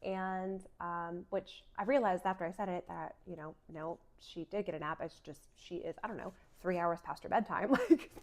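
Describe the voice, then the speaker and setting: A woman's voice: lowish voice, moderate pace, hardly any pauses. A woman in her thirties telling a personal faith story in a casual, chatty way, with lots of filler words and frequent laughter. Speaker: vlogger sharing a faith story.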